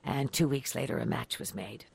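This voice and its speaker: A woman's voice: extremely low pitch, animated, moderate pace, vocal fry, a little mellow, slightly rough. A woman, a radio interview guest, telling her stories in a dramatic, emphatic and emotional way. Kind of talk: expressive storytelling.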